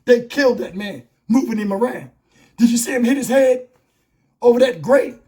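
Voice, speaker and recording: A man with a hoarse voice giving a blunt, profane, impassioned commentary on a video. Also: extremely high pitch, lively intonation, normal speed, darkish tone. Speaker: YouTube commentator. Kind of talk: angry commentary vlog. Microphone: wireless lavalier.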